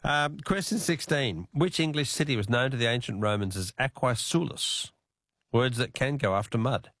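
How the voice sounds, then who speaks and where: A man with an Australian accent hosting a talkback radio quiz, chatty and quick to laugh with callers. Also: medium pitch, animated, fairly bright tone, dry recording, clean studio sound.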